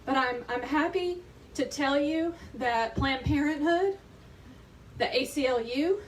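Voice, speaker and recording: High-voiced, emotional woman. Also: a little slow. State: emotional, near tears. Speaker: abortion provider representative. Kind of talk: emotional press conference statement. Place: outdoor press conference. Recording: distant mic with faint ambient noise.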